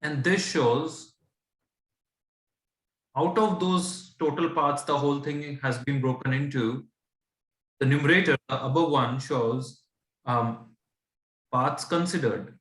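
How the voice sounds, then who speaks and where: A man's voice: mid-range voice, takes it slowly, long pauses, fairly bright tone, roomy sound. A man with an Indian English accent patiently teaching fractions, often stopping to check that his student follows. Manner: patient, asks checking questions, mixes English and Hindi. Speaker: tutor. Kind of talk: explaining fractions.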